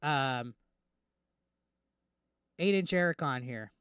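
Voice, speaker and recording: Smooth-voiced man ranting indignantly. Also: medium pitch, animated, a bit bright, no room sound, studio quality. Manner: heated, indignant, fast with repeated restarts. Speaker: YouTube commentary host. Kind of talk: ranting reaction commentary.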